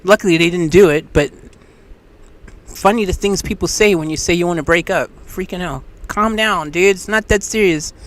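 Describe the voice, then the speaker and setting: A live-stream host chatting casually with viewers, telling stories in a rambling, animated way. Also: mid-range voice, normal speed. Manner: rambling, animated storytelling with restarts. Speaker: livestream host.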